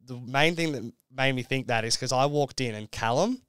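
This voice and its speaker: A man's voice: mid-range voice, normal speed, fairly bright tone, clear, resonant tone, dry recording. A young Australian man telling a story as a podcast guest, laid-back and full of "like"s. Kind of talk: casual chat.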